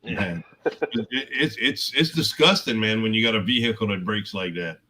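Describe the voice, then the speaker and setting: A man's voice: lowish voice, moderate pace, pushed and bright, slightly rough. A man chatting casually, easygoing, laughing along and telling a short story. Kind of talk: casual chat.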